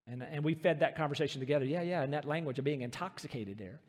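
Male pastor, middle-aged, higher voice, emphatic sermon delivery, long church reverb. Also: darkish tone. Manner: earnest, emphatic preaching with slowed stresses. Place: church sanctuary.

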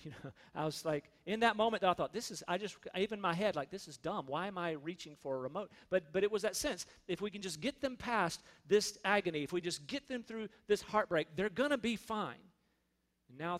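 A man's voice: high-pitched, fairly bright tone, in a large hall. A man preaching a sermon in an earnest, conversational way, speaking his prayers aloud. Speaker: pastor.

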